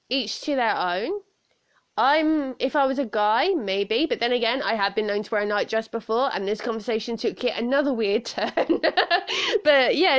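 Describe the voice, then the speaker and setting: A young woman with a southern English accent, chatting on her solo podcast, giggling and rambling, with a stuffed-up nose. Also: a little high. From south of England. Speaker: podcast host. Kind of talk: casual solo podcast chat.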